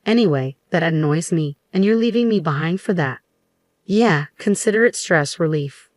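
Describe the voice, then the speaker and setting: A woman's voice: lowish voice, lively intonation, moderate pace, no room sound, studio quality, lightly acted. A woman reading as a petulant, selfish husband. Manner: petulant, dismissive. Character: selfish complaining husband, adult man.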